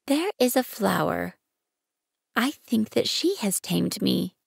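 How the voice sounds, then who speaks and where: Woman doing a gentle, curious boy prince. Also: mid-range voice, lively intonation, slow pace, gravelly, slightly rough, no room sound, clean studio sound, voice pushed up, exaggerated voice. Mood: wondering. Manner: gentle, wondering and questioning. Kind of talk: audiobook reading.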